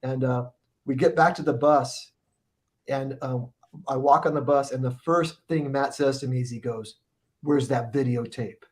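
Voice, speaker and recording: A man's voice: medium pitch, fairly even intonation, normal speed. A middle-aged man telling a long, profane story in a casual podcast chat, rambling and restarting his sentences often. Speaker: guest musician telling a tour story.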